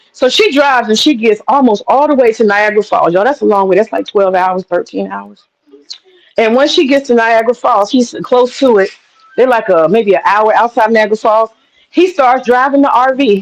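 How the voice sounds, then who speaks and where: A woman hosting a livestream, telling stories in an animated, profane way and chatting with her viewers. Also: fairly high pitch, normal speed, poor audio. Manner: animated, profane storytelling with laughter. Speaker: livestream host. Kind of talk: casual livestream commentary.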